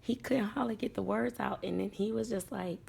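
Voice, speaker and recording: Gravelly-voiced woman telling a doll story. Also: mid-range voice, normal speed, darkish tone, slight background noise. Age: middle-aged. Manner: chatty, laughs while telling a story, acts out others' voices. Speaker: doll collector vlogger. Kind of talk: casual storytelling to camera.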